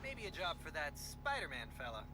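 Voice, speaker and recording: A chirpy young dispatcher in a video game, tossing out alerts in a high, bright, eager voice. His pitch jumps all over the place, and faint game music and a low hum sit under him. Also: sing-song, a little fast, exaggerated voice. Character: upbeat young male app dispatcher in a game.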